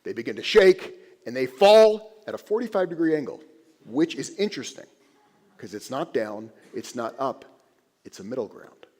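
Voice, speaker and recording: Animated rabbi in an echoing sanctuary. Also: male voice, mid-range voice, moderate pace. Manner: animated storyteller, conversational. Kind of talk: sermon. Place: synagogue sanctuary. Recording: echoey sanctuary.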